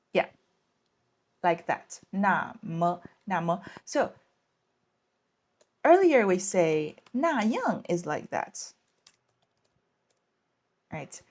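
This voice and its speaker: Slow, breathy woman teaching a language lesson. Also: on the low side. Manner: patient, repeats words, checks in with "right?".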